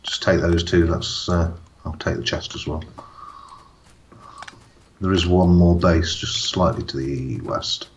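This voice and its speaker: Deep, slow-talking man gaming. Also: muffled recording, a little hiss or hum. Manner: playful, rambling commentary while playing. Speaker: co-op game player. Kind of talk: casual gaming chat.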